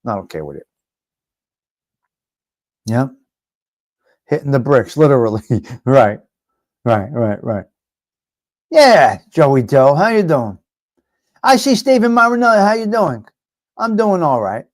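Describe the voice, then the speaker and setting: A man's voice: mid-range voice, big pitch swings, takes it slowly, long pauses, no room sound. A man hosting a live stream, ranting bluntly and profanely to his viewers and repeating himself. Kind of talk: casual ranting chat with viewers.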